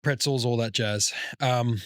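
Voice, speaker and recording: A man's voice: medium pitch, steady tone, unhurried, fairly bright tone, clear, resonant tone, dry recording, studio quality. A young man hosting a podcast, telling a travel story in casual, profane chat with lots of restarts. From Australia. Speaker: podcast host.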